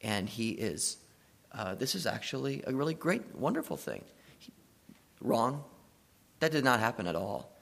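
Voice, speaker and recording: A male preacher retells a story in his sermon, swinging between hushed passages and emphatic ones. His mid-range voice is creaky and unhurried, with big pitch swings.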